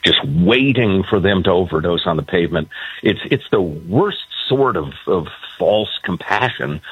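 Wry guy phoning in from vacation, deep voice, tinny line, sardonic. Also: lively intonation, measured pace, husky, no echo. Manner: wry, sardonic, breaks into a rant. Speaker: co-host calling in from vacation. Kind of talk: casual chat. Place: outdoors by a port. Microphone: phone.

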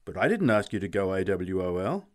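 A man's voice: deep voice, big pitch swings, fairly quick. A man voicing a spirited young woman who answers in a raised, indignant voice. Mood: defensive. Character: spirited young woman, proud and sharp-tongued.

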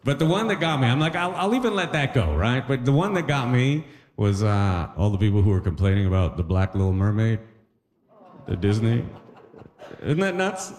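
A man performing a chatty, animated stand-up comedy set in front of a live audience. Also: mid-range voice, moderate pace. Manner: animated, chatty, frequent "you know what I mean". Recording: live hall with long reverb.

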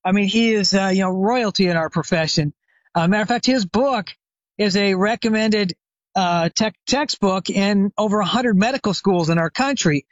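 A man's voice: high-pitched, normal speed, dry recording, dull audio. An older man, a retired chiropractor, telling a long anecdote as a guest expert in an interview, with many fillers and restarts. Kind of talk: conversational storytelling interview.

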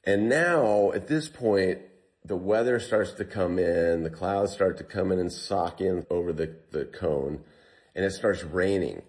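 Guy with a really low voice telling his survival story, acts out the yelling bits. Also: a little slow. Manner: animated retelling, quotes himself and others. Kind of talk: casual storytelling interview.

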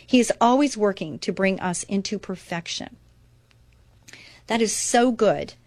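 A woman's voice: medium pitch, unhurried, no room sound. Earnest female Christian radio host. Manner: earnest, expressive, reads devotional text aloud with commentary. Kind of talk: Christian inspirational talk radio.

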